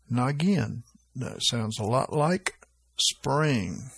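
Slow, unhurried male preacher. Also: mid-range voice, lively intonation, fairly bright tone, slightly rough, no room sound. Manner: unhurried, reads scripture with lifted emphasis, asks "right?". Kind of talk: informal sermon with scripture reading.

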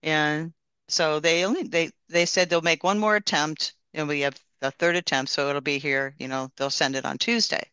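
A man's voice: on the high side, fairly even intonation, moderate pace, hardly any pauses, bright, forceful tone, clear, resonant tone, dry recording, dull audio. A man casually sharing a testimony and praying, telling his story in an earnest, rambling way with many restarts.

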